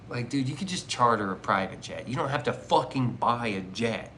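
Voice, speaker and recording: A man's voice: medium pitch, expressive, normal speed, few pauses, pushed and bright, slight background noise. A man streaming live, chatting casually with his viewers in joking, profane, rambling banter. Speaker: livestreamer reading chat. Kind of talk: casual livestream chat.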